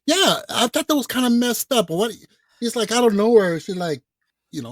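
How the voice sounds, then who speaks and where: A man's voice: very high-pitched, big pitch swings, normal speed, a bit bright, dry recording. Blunt, profane man chatting about films. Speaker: podcast co-host. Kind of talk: casual film chat.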